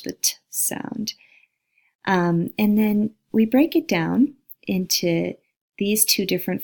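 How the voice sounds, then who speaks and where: A woman teaching linguistics in a recorded lecture, her voice a little low with a gravelly fry running through it. She explains step by step over slides and says example words out loud to show each sound. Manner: explanatory, breaks words down and models sounds aloud. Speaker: linguistics instructor.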